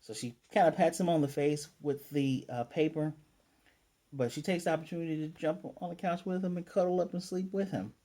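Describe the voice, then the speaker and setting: A man giving a casual, chatty recap and review of an anime episode, acting out characters' lines in quick asides. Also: a little high, fairly even intonation, dark tone. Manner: retells scenes with quick quoted character lines; chatty, with fillers and throat clearing.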